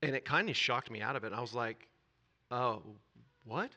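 A man giving an earnest personal testimony from a church stage, halting and repeating himself, his voice dropping very low at painful moments and rising when moved. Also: expressive, bright, forceful tone. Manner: earnest, halting confession that drops to near-whispers and swells when stirred. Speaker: church speaker.

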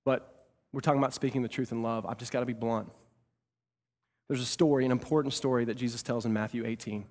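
A man preaching a sermon as pastor, swinging between loud emphatic bursts and hushed delivery, repeating phrases for emphasis. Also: medium pitch, fairly even intonation, quick pace. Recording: long reverb of a large hall.

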